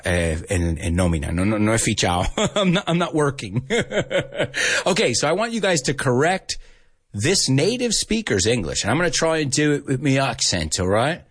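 Brief: lively American teacher, playful, very expressive pitch, casual stream. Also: male voice, husky. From United States. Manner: animated, playful, mixes in Spanish. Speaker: English teacher. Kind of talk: live stream English lesson.

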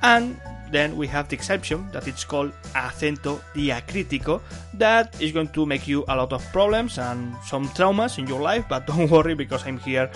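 A man with a slightly high voice teaches a beginners' Spanish lesson in his podcast, switching between two languages as he explains. He talks in a lively, emphatic way and repeats key words for stress. Soft music plays faintly behind him. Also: normal speed.

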